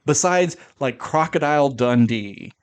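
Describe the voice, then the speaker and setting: A man's voice: medium pitch, expressive, clean tone. Chatty man on a film podcast. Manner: quick, chatty, agreeable with frequent backchannels. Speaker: podcast co-host. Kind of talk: casual film discussion.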